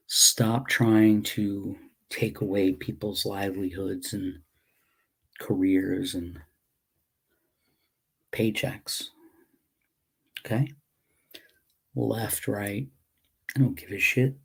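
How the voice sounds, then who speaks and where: Slow-talking man, husky impassioned rant. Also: fairly low pitch, steady tone. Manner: impassioned, ranting, swears freely. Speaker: self-published comic creator. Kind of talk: ranting casual vlog.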